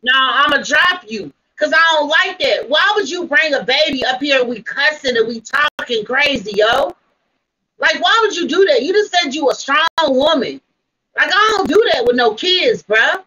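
A woman runs a livestream panel and keeps pressing a guest with blunt, profane demands. Her voice sits high and sounds bright and sharp. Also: animated, measured pace, low-quality recording. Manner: confrontational, swearing, repeating demands. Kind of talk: heated livestream argument.

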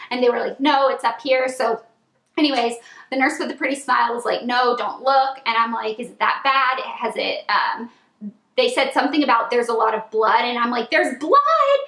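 A woman in her twenties telling a long storytime vlog, chatty and animated, with lots of "like" and squealed quotes. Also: fairly high pitch, echoey room. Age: 20s. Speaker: vlogger.

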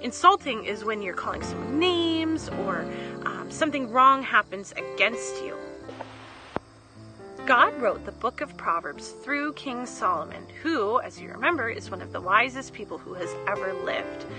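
A woman teaching a children's Bible lesson, explaining in simple, gentle words. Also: a little high, lively intonation, measured pace, poor audio. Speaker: Sunday school teacher. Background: music.

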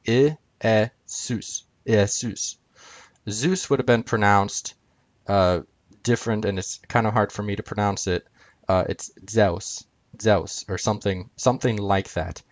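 A man's voice: lowish voice, moderate pace, no room sound. A man teaching from a chart on screen, talking unscripted with frequent ums and uhs as he walks through each item. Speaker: video lecturer.

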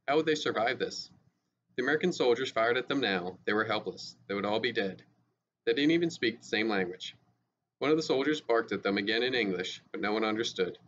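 A male teacher reading a novel aloud in a steady, even way, with small restarts. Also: mid-range voice. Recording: dull lo-fi with faint hiss.

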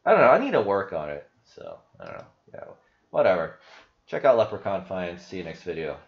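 A man's voice: sits low, huge pitch swings, brisk, vocal fry. A man giving rambling, casual commentary over his screen as a crypto investing YouTuber, often tagging on "right?" and "you know". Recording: dull lo-fi audio.

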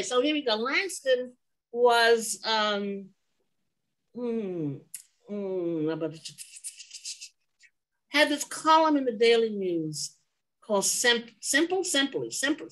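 A woman's voice: fairly high pitch, sing-song, slow, a bit bright, low-quality recording. An older woman sharing memories as an interview guest, rambling and digressing, often stopping to correct herself. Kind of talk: oral history storytelling.

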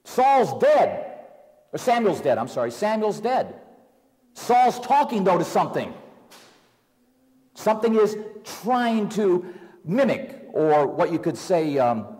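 Animated male preacher in a hall. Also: high voice, slow pace. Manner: animated, paraphrasing scripture in everyday words. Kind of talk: sermon.

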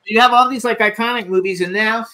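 An enthusiastic male talk show host with a high, bright, forceful voice. He rattles off credits with plenty of fillers in a relaxed chat. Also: fast talker, a little hiss or hum, low-quality recording. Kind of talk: casual interview chat.

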